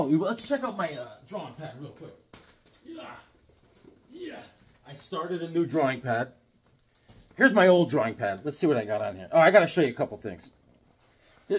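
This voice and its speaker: He has a medium-pitched, slightly rough voice. As a comics collector showing his drawings, he chats to camera in an easygoing, rambling manner, breaking off now and then for a chuckling aside.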